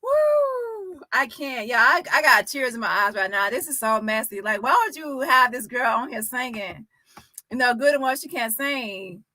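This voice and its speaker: A woman giving casual reaction commentary, animated and exclaiming with frequent laughter. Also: fairly high pitch, moderate pace, no room sound.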